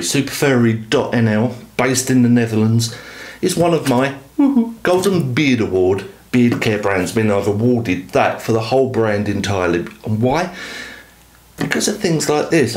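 Enthusiastic man in an echoey room. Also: mid-range voice. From United Kingdom. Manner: enthusiastic, rambling, self-deprecating. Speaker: product review host. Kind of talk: casual talk to camera.

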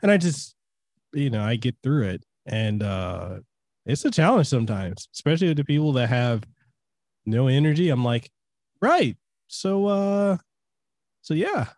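A man's voice: mid-range voice, very animated, moderate pace, a little mellow, dry recording. Podcast host guy, samoan first language, stutters now and then, mid voice, dry close sound. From Hawaii. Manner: stutters and stammers, laughs often. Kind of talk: casual podcast chat.

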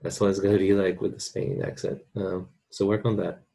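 A man's voice: sits low, flat delivery, fairly quick, vocal fry, dark tone. A man teaching an online language lesson in an informal way, checking in often with his students. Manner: informal, checks in with "okay?" and "right?".

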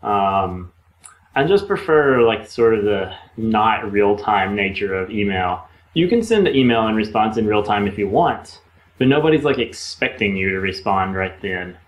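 A man's voice: fairly low pitch, lively intonation, normal speed, rough recording. A man co-hosting a casual podcast chat over a call, talking in a hesitant way with many ums and likes. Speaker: podcast co-host. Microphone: remote call mic.

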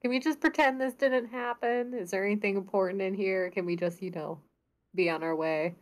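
A woman's voice: medium pitch, fairly even intonation, brisk, lightly acted. A woman voicing a weary male adventurer who is put-upon and easily swayed, speaking in an offhand way with laughs in between. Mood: wary.

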